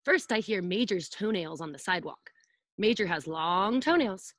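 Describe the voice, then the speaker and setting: A woman's voice: medium pitch, lively intonation, moderate pace, dry recording. A woman preschool teacher reading a picture book aloud to children over a video call, playfully acting out sound effects and asking them to join in.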